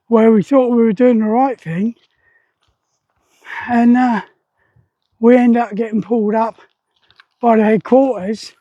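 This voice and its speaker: A man in his sixties talks in a rambling, plain-spoken way, with a strikingly high voice. His tone is soft and mellow. The sound is dry and a little dull and muffled, recorded outdoors. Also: no room sound. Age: 60s. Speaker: army veteran vlogger. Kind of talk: casual spoken vlog. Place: outdoors beside a loud weir.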